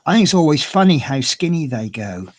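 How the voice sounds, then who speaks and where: A man's voice: on the high side, very animated, a little fast, darkish tone, no echo. A man chatting casually on a livestream from home, rambling and cooing at his cat. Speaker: streamer. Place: at home indoors.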